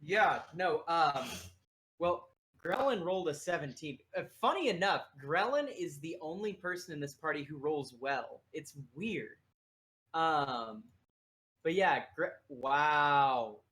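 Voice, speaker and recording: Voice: mid-range voice, expressive, takes it slowly, a bit bright. A game master narrating a casual tabletop game, laughing often and filling gaps with ums. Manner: laughing, filler-heavy narration.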